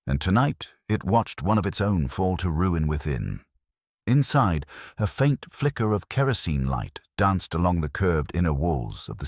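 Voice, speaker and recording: Very deep male narrator, dramatic audiobook reading, dry close recording. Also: no room sound.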